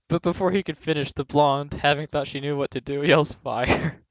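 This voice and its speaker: A man's voice: fairly high pitch, steady tone, moderate pace, a bit bright, no room sound. Man reading jokes, laughing between lines. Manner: breaks into laughter mid-sentence. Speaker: video host reading jokes aloud. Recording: dull, dry home recording.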